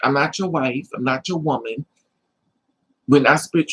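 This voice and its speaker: A woman's voice: very deep voice, moderate pace, a little hiss or hum, low-quality recording. A middle-aged woman chatting casually to her livestream viewers, sassy and emphatic, repeating her lines and calling people honey. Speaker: livestream host.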